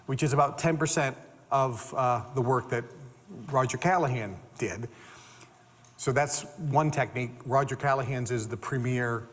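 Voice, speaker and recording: An older man giving an animated storytelling talk as a motivational speaker, repeating words and acting out the people in his stories. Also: mid-range voice. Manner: animated, repeats words, acts out quoted dialogue. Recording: long reverb of a hall.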